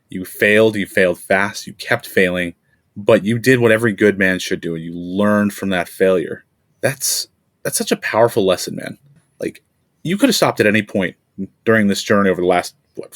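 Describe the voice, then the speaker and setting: Earnest low-voiced male podcast host. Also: fairly bright tone, no room sound, studio quality. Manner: earnest, emphatic, affirming. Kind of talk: reflective interview commentary.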